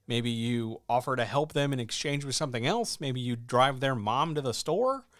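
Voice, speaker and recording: A man's voice: medium pitch, animated, normal speed, fairly bright tone, no echo, studio quality. A man coaching writers in a casual, emphatic way, often asking rhetorical questions. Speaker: writing coach and editor. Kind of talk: casual instructional talk.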